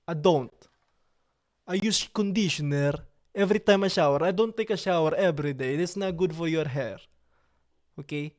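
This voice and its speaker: A man's voice: a little high, darkish tone. Playful, vain man chatting on a livestream. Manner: playful, vain and mock-serious, with halting, broken phrasing; drops in occasional French words. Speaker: livestream host. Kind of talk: casual livestream chat with viewers.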